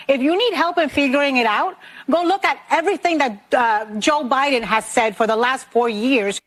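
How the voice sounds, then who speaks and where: TV panelist, woman, higher pitch, steady scolding delivery. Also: moderate pace, few pauses. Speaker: daytime TV panelist. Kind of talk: TV panel commentary. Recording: TV clip played on a podcast.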